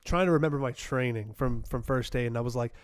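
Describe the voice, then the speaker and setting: A young man co-hosting a podcast, telling animated stories in casual banter. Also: mid-range voice, fast talker, clean tone, dry recording, studio quality. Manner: animated storyteller, laughs through stories. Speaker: podcast co-host.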